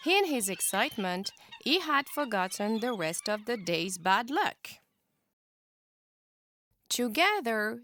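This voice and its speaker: Animated woman reading a storybook. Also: fairly high pitch, a little hiss or hum. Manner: expressive and animated. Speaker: teacher. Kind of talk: children's storybook read-aloud.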